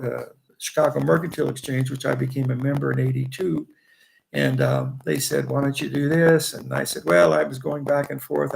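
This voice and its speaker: An Indiana man in his eighties, a longtime trader, spins long, wandering anecdotes, chuckling and restarting phrases as memories come back. His voice sits on the high side and sounds gravelly, and the poor-quality audio carries slight background noise.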